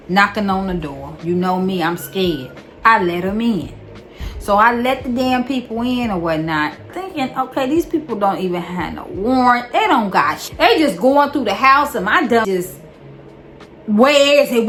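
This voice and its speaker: Animated woman telling a storytime. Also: mid-range voice. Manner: animated, swearing, repeats lines for emphasis. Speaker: vlogger. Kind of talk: casual storytime.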